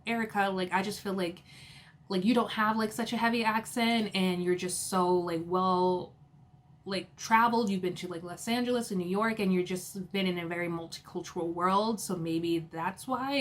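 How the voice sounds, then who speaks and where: Chatting casually through a reality show episode recap, a young woman speaks at medium pitch, peppering her words with fillers and quick bursts of laughter. A faint hiss or hum sits in the background.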